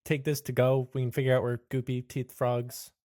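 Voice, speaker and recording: A man's voice: medium pitch, level tone, moderate pace, mellow, no echo. A man player in a tabletop game, joking and laughing through his lines. The sound is close and dry, with no room to it. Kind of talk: playing a character in a tabletop game.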